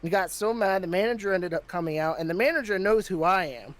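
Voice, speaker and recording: A man's voice: sits high, lively intonation, fast. A man hosting a podcast, telling a story in casual chat and getting heated, with plenty of swearing. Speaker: podcast host.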